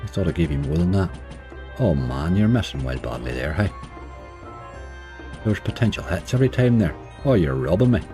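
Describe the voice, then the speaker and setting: A slots streamer gives casual, chatty commentary while playing, muttering to the game and cheering it on. His low voice is sing-song, moderately paced, and pauses often, with music underneath.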